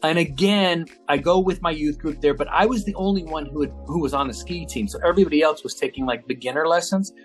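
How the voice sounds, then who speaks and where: An American man in his fifties, a guest in an interview, telling a story with lively energy and acting out the voices of the people in it. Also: on the high side, fast, hardly any pauses, soft background music. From United States. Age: 50s. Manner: lively, acts out quoted voices, many fillers.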